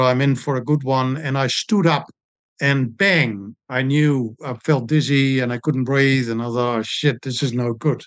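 An older man, a sports doctor telling stories in a relaxed interview, with frequent pauses and ums. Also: medium pitch, dry recording. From New Zealand. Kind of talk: casual storytelling interview.

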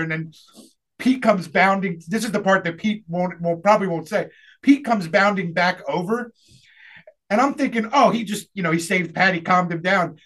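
Man, young adult, high voice, animated storyteller, laughs a lot, casual podcast chat. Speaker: podcast host.

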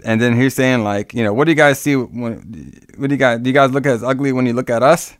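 A man's voice: medium pitch, fairly even intonation, fast, dry recording, clean studio sound. A man casually retelling a film's plot scene by scene, with many fillers and asides. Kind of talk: casual movie recap chat.

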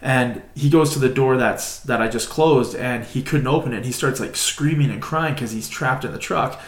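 A man co-hosts a podcast and tells a long story in a loose, chatty style. He rambles, fills his sentences with "like," and gets animated. His voice sits at a middle pitch and carries a noticeable room echo. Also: normal speed. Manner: animated, rambling, many "like" fillers. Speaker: podcast co-host. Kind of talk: casual storytelling. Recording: roomy echo.

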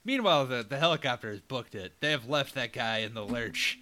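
A man's voice: medium pitch, lively intonation, a little fast, bright, forceful tone, slight background noise. A man co-hosting a podcast, walking through a movie's plot in casual, rambling chat and acting out characters' lines. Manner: rambling, many fillers, acts out characters' lines. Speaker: podcast co-host.

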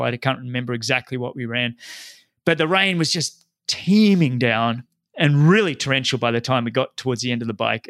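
An Australian man in his forties hosting a podcast interview, chatty and quick to laugh. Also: medium pitch, dry recording, clean studio sound. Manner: chatty, laughs often, mimics shouts when retelling. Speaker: podcast host. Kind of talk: conversational interview.

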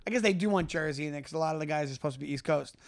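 A man co-hosting a comedy podcast in casual chat, enthusiastic, laughing often and slipping into quick impressions. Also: a little high, gravelly, dry recording, studio quality. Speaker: podcast co-host.

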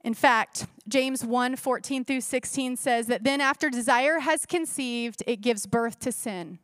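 A woman's voice: a little high, measured pace, a bit bright, dry recording. A middle-aged woman pastor giving a sermon in a church, preaching in a conversational way with rhetorical questions.

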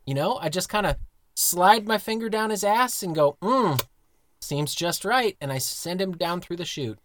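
A man's voice: high voice, normal speed, fairly bright tone. A man co-hosting a podcast, making crude, playful jokes in casual chat. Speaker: podcast co-host.

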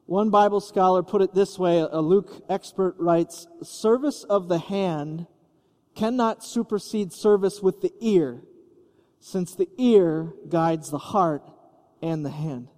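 A pastor preaches with a lively storyteller's touch, bringing the scene to life. The man's voice sits high, and long reverb from the church trails every line. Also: slow. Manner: storytelling, acting out scripture scenes with vivid voices. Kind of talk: sermon.

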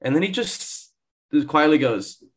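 Excitable man joking about a movie. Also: fairly high pitch, measured pace, noisy background. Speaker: podcast co-host. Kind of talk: casual movie review chat.

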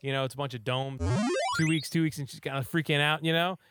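A man's voice: on the high side, steady tone, quick pace, fairly bright tone, a little hiss or hum. A man giving a casual, rambling movie recap, full of fillers and acted-out quotes.

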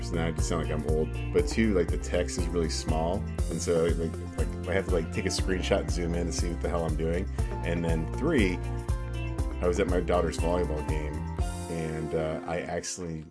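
Rambling low-voiced male co-host. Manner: rambling, filler-heavy storytelling. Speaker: podcast co-host. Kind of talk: casual podcast chat.

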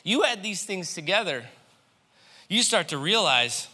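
A man delivering a sermon with a very bright, ringing voice that sits a little high for a man. He preaches in an animated way, rising to loud passages and then dropping to a hushed tone. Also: measured pace. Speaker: pastor.

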